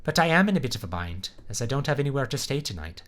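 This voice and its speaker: A man voicing a carefree, cheerful young woman with a put-on Irish accent, speaking brightly and without a worry. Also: medium pitch, very animated, fast talker. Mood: breezy. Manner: bright, breezy, untroubled.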